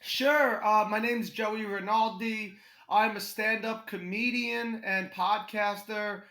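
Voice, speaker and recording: Animated man with a New York accent. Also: sits high, takes it slowly. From Connecticut. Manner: animated storyteller, laughs often. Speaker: guest comedian. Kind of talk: casual podcast chat. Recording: roomy echo.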